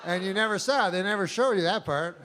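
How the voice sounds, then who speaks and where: Male stand-up comic, deadpan and halting, slightly high voice, noisy live club recording. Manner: deadpan, halting, with drawn-out pauses. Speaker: stand-up comedian. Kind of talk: stand-up comedy set.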